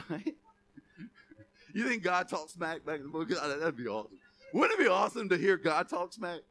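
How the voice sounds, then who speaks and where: Big pitch swings mark this pastor's high-sitting, fairly bright voice, delivered at a normal speed. Joking and chuckling throughout, he preaches in a punchy, conversational style and checks in with the congregation through "Amen?" and "right?"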